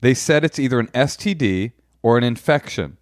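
A man's voice: medium pitch, expressive, moderate pace, no echo, studio quality. A man co-hosting a podcast, reading listener emails aloud in a crude, wry, playful way. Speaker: podcast co-host.

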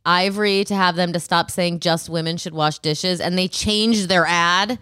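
A woman with a fairly low voice co-hosting a comedic podcast in a relaxed, wry, chatty way. Her voice sits close and dry, with no room echo. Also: moderate pace, smooth. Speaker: podcast co-host. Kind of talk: casual comedic chat.

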